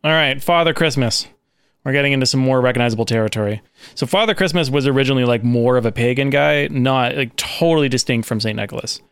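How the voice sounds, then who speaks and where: A man's voice: medium pitch, fast talker, smooth, no echo, studio quality. A man hosting a casual comedic podcast, rambling and joking with lots of fillers as he presents a slideshow.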